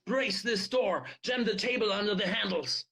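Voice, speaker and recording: A man reading aloud, voicing a harried small-town male constable who shouts orders. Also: a little high, lively intonation, measured pace. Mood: urgent. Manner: shouted commands.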